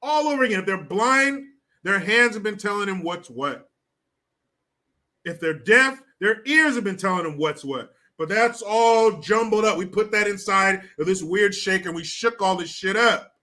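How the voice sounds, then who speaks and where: A man hosting a casual commentary stream, reading viewer comments aloud with crude, mocking asides. His voice sits high and bright, with a lively, swinging delivery. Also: normal speed. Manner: crude and mocking, laughs often. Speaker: host of a commentary livestream.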